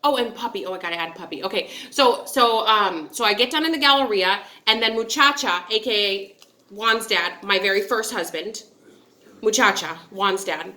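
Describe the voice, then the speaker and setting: Speaking at normal speed with a medium-pitched, sharp-toned voice, a woman vlogger in her thirties from upstate New York shares a personal story. She's candid and chatty, wanders off topic, and keeps turning to address her viewers in this casual storytelling.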